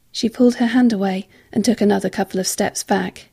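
A woman narrating an audiobook with a measured, quietly tense delivery. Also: mid-range voice, steady tone, vocal fry, slightly rough.

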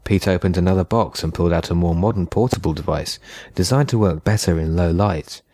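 A man narrating a horror short story in a measured, unhurried way. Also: deep voice, dark tone, no room sound, studio quality. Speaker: audiobook narrator.

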